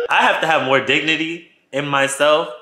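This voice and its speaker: A man's voice: a little high, steady tone, normal speed, pushed and bright, roomy sound. A man vlogging a casual storytime, retelling events dramatically and talking straight to his viewers.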